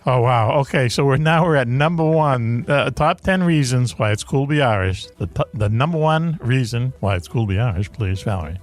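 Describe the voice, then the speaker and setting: A man's voice: mid-range voice, expressive, brisk, few pauses, soft background music. A man hosting a casual podcast chat, joking, laughing often and stumbling over fillers as he moves through a list. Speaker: podcast host.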